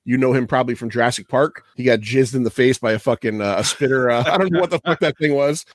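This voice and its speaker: A man's voice: mid-range voice, fast, no echo. A man hosting a podcast, talking casually and profanely, rambling through trivia and laughing often. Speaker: podcast host.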